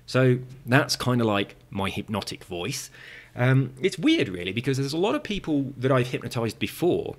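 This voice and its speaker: A man's voice: mid-range voice, sing-song, moderate pace. A man with a very slight lisp, chatting casually through viewer comments and drifting into tangents with lots of fillers and restarts. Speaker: gaming video creator reading viewer comments.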